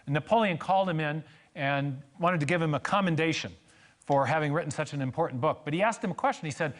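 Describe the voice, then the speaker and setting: A man's voice: a little high, fast talker. A man giving a church lecture on science and faith, telling stories with emphatic repetition and joking asides.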